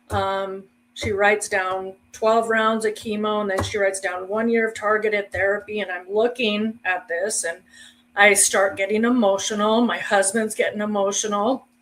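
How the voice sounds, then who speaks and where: A woman's voice: mid-range voice, a bit bright. A woman in her forties giving a candid, conversational personal testimony, with wry asides. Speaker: speaker sharing her cancer story.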